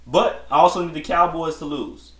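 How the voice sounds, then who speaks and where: A man's voice: on the high side, moderate pace, fairly bright tone. Blunt rambling man podcasting in echoey room. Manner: blunt, rambling, slangy, many restarts. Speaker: podcast host. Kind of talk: casual solo commentary.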